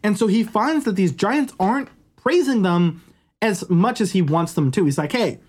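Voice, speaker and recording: Podcast storyteller, man, conversational and lively, asides to listeners. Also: sits high, moderate pace, slightly rough. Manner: animated, chatty, frequent "right?" asides. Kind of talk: casual storytelling.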